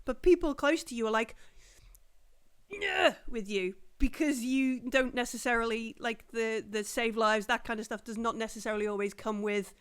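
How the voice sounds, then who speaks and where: A woman's voice: on the high side, steady tone, fairly quick, hardly any pauses, clean tone. A woman running a tabletop game as game master, rambling with fillers while describing scenes. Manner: rambling, many fillers and restarts, acts out characters.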